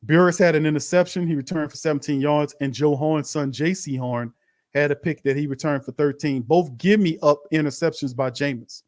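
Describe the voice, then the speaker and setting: A man's voice: fairly high pitch, fairly even intonation, brisk, darkish tone. A man hosting a live-stream watch party, commenting bluntly on a loss and calling his viewers fam. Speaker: sports show host.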